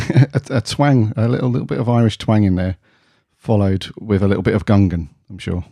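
A man's voice: lowish voice, steady tone, brisk, creaky, warm tone, husky, no room sound, studio quality. A man co-hosting a casual podcast, easygoing and laughing often, with casual swearing. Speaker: podcast co-host.

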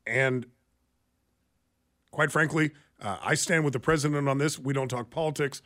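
A man's voice: mid-range voice, normal speed, fairly bright tone. Earnest male talk radio co-host. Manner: earnest, frequent fillers. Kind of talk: talk radio news commentary. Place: radio studio.

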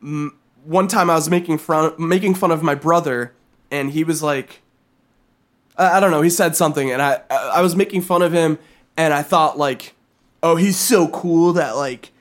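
A man in casual comedic chat, profane and animated, often dropping into silly put-on voices. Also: on the high side, normal speed.

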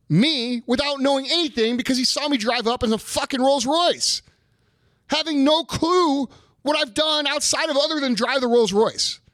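Brief: high-voiced man in his thirties, profane heated rant, bone-dry close sound. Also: fairly bright tone, no echo. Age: 30s. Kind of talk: casual chat.

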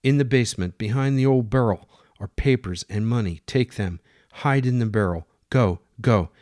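A man voicing Mister Perkins, a dignified man who speaks in calm, measured sentences. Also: medium pitch, dry recording, clean studio sound, natural voice. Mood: earnest. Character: Mister Perkins, a proud, steady American man.

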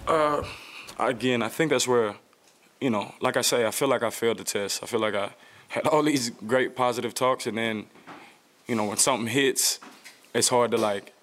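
A man in his thirties answering press conference questions in a relaxed, reflective way with many fillers. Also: mid-range voice, normal speed. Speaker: football player at press conference.

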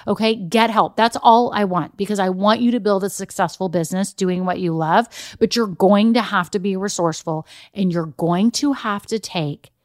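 A woman hosting a podcast as a business coach, giving an energetic, emphatic pep talk directly to her listeners. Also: mid-range voice, normal speed, few pauses, dry recording, studio quality. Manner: addresses listeners directly with "y'all" and "okay?". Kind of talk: motivational solo podcast talk.

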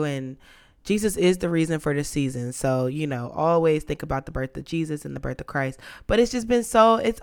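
A young woman hosting a podcast in casual chat, playful and dramatic, her voice lowered and rough from being sick. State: sick, voice deeper than usual. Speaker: podcast host.

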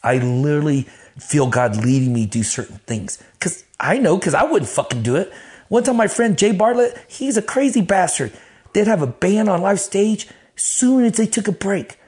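A man telling stories as an interview guest, animated and profane, acting out the voices of the people he quotes. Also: high-pitched, moderate pace. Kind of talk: casual storytelling in an interview.

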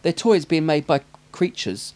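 A man's voice: fairly high pitch, very animated, a little slow, a little mellow. A man with an English accent chatting casually about a film with a friend, joking and laughing often. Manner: jokey, rambling, laughs often. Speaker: podcast co-host.

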